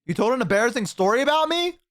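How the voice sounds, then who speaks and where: A man's voice: extremely high pitch, fast. A young man streaming live, chatting casually with a guest and his chat, telling stories with acted-out voices. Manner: animated storyteller, mimics voices.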